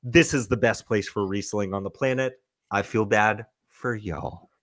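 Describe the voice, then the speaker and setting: A man's voice: fairly low pitch, a little slow. A man co-hosting a casual podcast, chatting about wine in an easygoing but opinionated way. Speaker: co-host.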